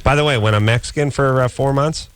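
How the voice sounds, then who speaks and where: A man's voice: medium pitch, fast talker, clear, resonant tone, dry recording. A man co-hosting a late-night radio show, riffing comically in an exaggerated, ranting way into a studio microphone. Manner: ranting, exaggerated and animated, jumps into comic bits. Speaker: radio talk show co-host.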